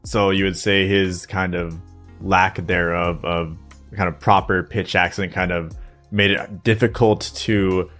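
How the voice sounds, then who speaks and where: A man hosting a podcast, asking interview questions in a measured way, hedging with filler phrases. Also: sits low, level tone, fairly bright tone, soft background music. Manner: measured, hedging with 'kind of'. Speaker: podcast host.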